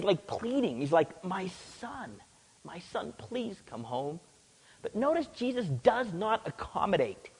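A man preaching a sermon, teaching through a scripture passage with animated delivery and acted-out quotes. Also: a little high, breathy edge. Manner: animated, acts out quoted voices. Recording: long hall reverb.

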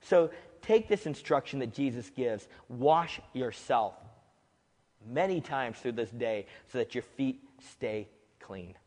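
A man preaching a sermon as pastor, emphatic, dropping to a hush and rising to loud peaks. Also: mid-range voice, lively intonation, slow. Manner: emphatic, swings from hushed to loud. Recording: long hall reverb.

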